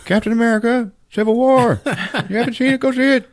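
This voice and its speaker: A man voicing a mock news announcer in a high, jokey voice. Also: steady tone, quick pace.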